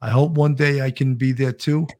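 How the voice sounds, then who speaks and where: A man's voice: medium pitch, level tone, normal speed, darkish tone. A man, co-hosting a casual live-stream chat and reading out viewer comments. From Brooklyn, New York. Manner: chatty, reads viewer comments aloud. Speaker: co-host.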